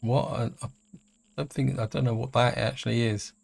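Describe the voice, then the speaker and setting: A middle-aged man giving casual let's-play commentary, chatty and hesitant, thinking aloud with many pauses. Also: mid-range voice, steady tone, vocal fry. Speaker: gaming channel host.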